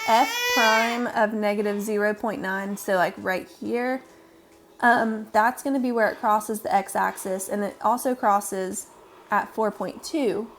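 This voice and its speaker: Woman math teacher, mid-pitched, casual and patient, screen-recorded lesson, faint background hum. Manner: casual, patient, many fillers.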